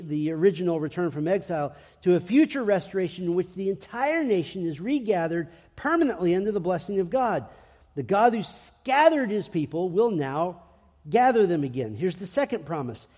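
A man with a fairly high yet mellow voice delivers an emphatic sermon from the pulpit. He leans into key phrases, slowing down and repeating them for weight. His words ring out with the long reverb of a large church hall. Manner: emphatic preaching with slow, stressed repetitions. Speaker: pastor.

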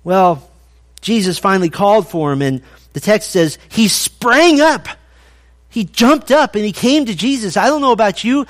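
A man preaching a sermon, animated in his storytelling and acting out the voices he quotes. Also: sits high, brisk. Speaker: pastor.

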